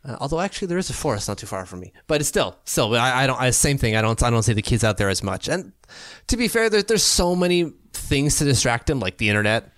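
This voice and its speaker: A man co-hosting a hockey podcast in casual chat. He talks in an animated, opinionated way, often restarting his sentences. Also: mid-range voice, quick pace, hardly any pauses, dry recording, studio quality.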